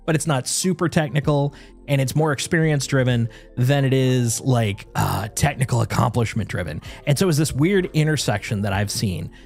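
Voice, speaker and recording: A man's voice: mid-range voice, normal speed, vocal fry, a little mellow, faint music behind. A man streaming a game, chatting casually and rambling with lots of fillers and restarts. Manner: baby-talk to his dog. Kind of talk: casual chat while gaming.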